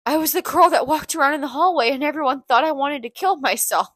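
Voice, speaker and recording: A woman's voice: sits high, lively intonation, fast talker, hardly any pauses, a bit bright, no echo, studio quality. Blunt, profane young woman. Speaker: podcast host. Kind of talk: confessional monologue.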